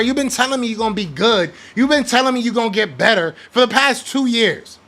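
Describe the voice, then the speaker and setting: Fired-up man ranting, bright gravelly voice. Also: very high voice, expressive, a little fast. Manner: fired-up, emphatic, slangy and blunt. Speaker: podcast host. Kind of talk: heated sports rant, reading live chat.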